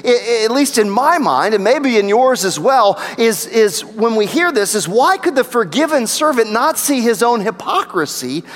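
A pastor preaching a sermon, rising for emphasis and dropping to a low hush. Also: male voice, very animated, moderate pace, few pauses. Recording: long reverb of a large hall.

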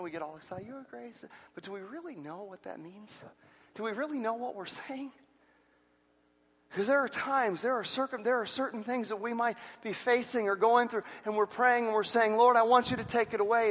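A man preaching a sermon with passion, swinging between loud shouts and hushed, quiet lines. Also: high-pitched, moderate pace. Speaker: pastor. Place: church sanctuary. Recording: long reverb of a large hall.

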